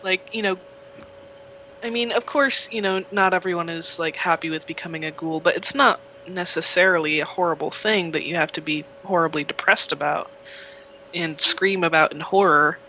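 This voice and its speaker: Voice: medium pitch, moderate pace, bright, forceful tone, slight background noise, rough recording. A game master narrating a tabletop game in a casual, rambling way, full of fillers. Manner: rambling, filler-heavy storytelling.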